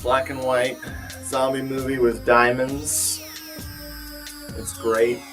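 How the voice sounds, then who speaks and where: A man's voice: medium pitch, level tone, takes it slowly, a bit bright, soft background music. A man reviewing movies in a casual vlog, rambling and wry with lots of fillers, sounding tired. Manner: rambling, wry, self-deprecating. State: tired, a bit bloated. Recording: voice a little far from the mic.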